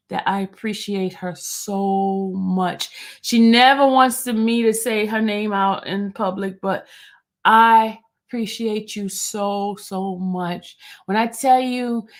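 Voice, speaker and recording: A woman hosting her own channel, chatting casually with viewers, rambling and often repeating her thanks. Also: medium pitch. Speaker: channel host. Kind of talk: casual livestream chat with viewers.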